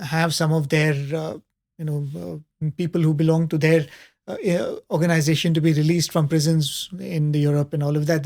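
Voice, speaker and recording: A man, a panelist telling a spiritual story in a conversational way, often pausing with fillers and soft laughs. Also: fairly high pitch.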